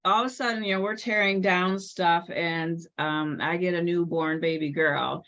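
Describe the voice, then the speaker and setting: Woman telling a lively story. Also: fairly low pitch, moderate pace, muffled recording. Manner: lively, acts out quoted voices. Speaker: guest, salon spa owner and author. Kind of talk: animated storytelling in a podcast interview.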